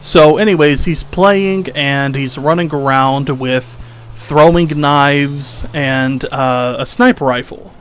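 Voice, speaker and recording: A young man rants in a slow, deliberate, exasperated drawl about his gameplay, slipping into sarcastic mockery of his critics. His voice sits a little high for a man. Faint game sounds murmur underneath. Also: fairly bright tone, a little hiss or hum. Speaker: gaming commentator. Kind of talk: ranting commentary over gameplay.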